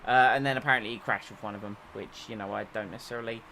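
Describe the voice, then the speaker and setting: A man's voice: on the low side, steady tone, rapid-fire, creaky, pushed and bright, a little hiss or hum. A man streaming a racing management game, chatting casually and urging his driver on. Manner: urges his driver on, slips into playful accents. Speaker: gaming streamer.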